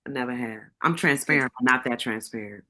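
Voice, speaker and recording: A woman's voice: rumbling low, a little fast, sharp tone. A woman from Chicago, guest co-host on a comedy show, chatting in a sassy, joking way. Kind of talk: casual chat.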